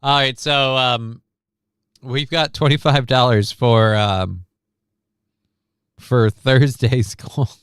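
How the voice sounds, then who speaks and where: A man's voice: medium pitch, steady tone, slow pace, pauses often, fairly bright tone, clear, resonant tone, no room sound, studio quality. A tired man hosting a casual livestream, rambling and reading the chat aloud as he goes. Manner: rambling, self-interrupting, reads chat aloud. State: tired, short of breath. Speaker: livestream host.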